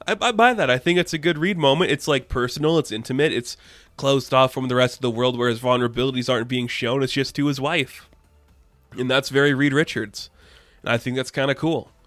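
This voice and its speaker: A man's voice: medium pitch, fairly bright tone, no echo. A young man casually recapping and reviewing a comic book issue, chatty and full of fillers. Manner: chatty, lots of fillers and quoted voices.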